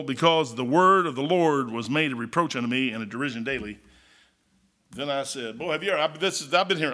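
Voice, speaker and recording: An older man preaching a folksy, excitable sermon, dropping low and then shouting. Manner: folksy, excitable, swings between murmurs and shouts.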